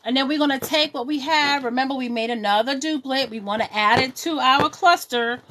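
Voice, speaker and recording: A middle-aged woman with a New York accent hosts a live tutorial in a chatty, sassy way, greeting viewers by name as she works. Her voice sits high. A faint hiss runs underneath. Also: fairly quick, bright, forceful tone. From Brooklyn, New York. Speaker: balloon decor tutorial host. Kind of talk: casual live-stream tutorial.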